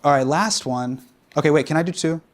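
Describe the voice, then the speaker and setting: A man with a slightly high voice hosts a comedy show, briskly answering audience questions on a studio stage before a live crowd. He's animated, laughing a lot and acting out quotes, with loud audience and background noise in the recording.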